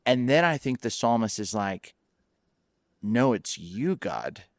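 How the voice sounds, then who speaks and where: A man in his forties hosting a podcast, speaking in an animated, personal storytelling way in casual conversation. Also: mid-range voice, takes it slowly, no room sound, clean studio sound. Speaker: podcast host.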